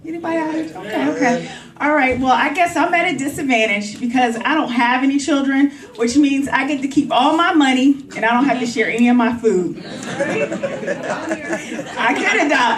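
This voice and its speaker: High-voiced woman doing stand-up. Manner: animated, addresses crowd directly. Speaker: stand-up comedian. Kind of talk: live clean stand-up comedy. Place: coffee house stage. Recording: roomy, from a distance.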